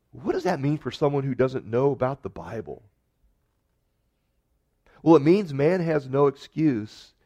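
A man preaching a sermon earnestly, rising to emphatic peaks and dropping to soft, quiet lines. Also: a little high. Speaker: pastor.

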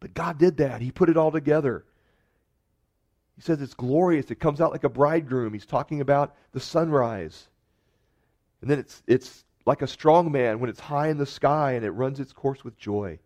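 A man preaching a sermon earnestly, rising to emphatic peaks and dropping to soft, quiet lines. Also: mid-range voice, normal speed. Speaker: pastor.

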